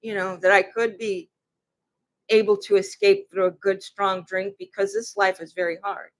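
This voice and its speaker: A woman recounting her own hard experiences in a personal, emotional way, with halting restarts. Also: medium pitch, level tone. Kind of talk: personal account to camera.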